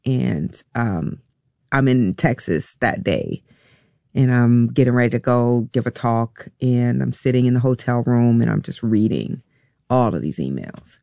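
Gravelly woman telling a painful story. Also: extremely low pitch, expressive, mellow, dry recording. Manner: halting, emotional, with many pauses and fillers. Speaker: guest. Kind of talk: personal storytelling in an interview.

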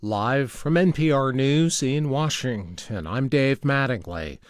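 A man reading a national newscast in a crisp, even newsreader delivery. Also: medium pitch, slow, no echo, soft background music. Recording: dry studio sound.

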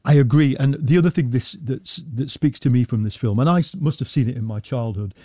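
A man in his sixties as a guest on a radio discussion, reflective and halting with restarts. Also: medium pitch, warm tone, dry recording, clean studio sound. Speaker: guest commentator. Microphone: studio mic.

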